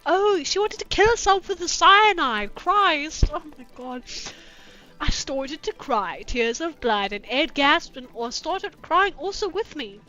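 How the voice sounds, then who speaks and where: A young woman streamer doing a comic dramatic reading of fanfiction, with sarcastic, profane, deadpan asides into a streaming mic. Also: high voice, unhurried. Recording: dull lo-fi with music behind.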